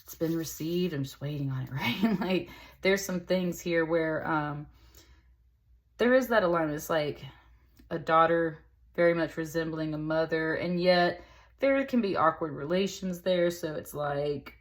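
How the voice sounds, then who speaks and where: Low-pitched lady reading tarot cards, chatty and rambly, says like a lot. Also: unhurried. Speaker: tarot reader. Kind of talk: casual spoken tarot reading.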